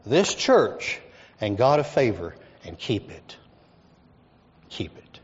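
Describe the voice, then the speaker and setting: A pastor from Texas with a high voice preaches a sermon at a slow, deliberate pace, stacking up repeated phrases. The sound is dull and lo-fi, with a long reverb trailing off the walls of a church sanctuary. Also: male voice. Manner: storytelling with emphatic repetition and lists.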